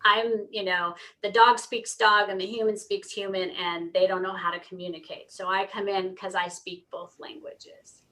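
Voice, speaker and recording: Bright-voiced woman explaining earnestly. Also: mid-range voice, level tone, normal speed, poor audio. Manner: earnest, storytelling, acts out dialogue. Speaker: pet communicator guest. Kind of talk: conversational interview explanation.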